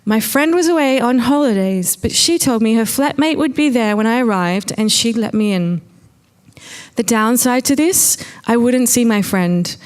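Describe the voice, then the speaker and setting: Smooth-voiced Australian woman telling a story. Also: a little high, a little slow. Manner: wry, conversational first-person reading. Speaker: storyteller on stage. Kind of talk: live storytelling reading. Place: stage at a live storytelling night. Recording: long reverb of a venue hall.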